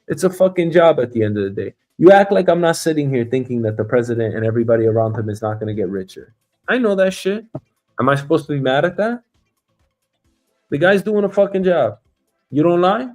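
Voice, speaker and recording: A man hosting a casual news commentary show, talking bluntly and profanely with animated asides. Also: a little high. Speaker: show host.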